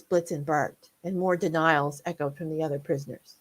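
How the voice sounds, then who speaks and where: A woman author narrating her own comic holiday story in a lively, playful reading. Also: sits low, moderate pace.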